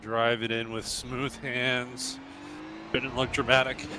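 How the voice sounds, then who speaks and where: A man talks through each lap in a sim racing club, keeping a steady, mid-pitched voice as he calls out short, clipped instructions. Car engine noise runs clearly under him the whole time. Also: slow pace. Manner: terse running instructions while driving. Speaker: racing driver and coach. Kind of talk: live-stream driving commentary.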